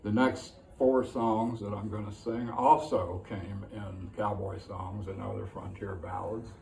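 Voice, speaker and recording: A man introducing songs at a live showcase, telling their backstory in an unhurried storytelling way. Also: on the low side, flat delivery, creaky, darkish tone, far from the mic, low-quality recording. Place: live music showcase venue, indoors.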